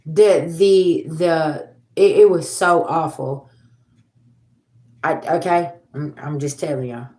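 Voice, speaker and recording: Casting: woman, 40s, low voice, blunt and preachy livestream host, profane, roomy echo. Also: slow, mellow. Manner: blunt, profane and preachy, addresses viewers as y'all. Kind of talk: casual livestream talk.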